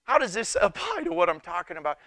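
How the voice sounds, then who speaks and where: High, bright, laughing male preacher. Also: quick pace, gravelly, no echo, studio quality. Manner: animated storytelling with frequent laughter; incredulous, exclamatory. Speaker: pastor. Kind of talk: humorous sermon.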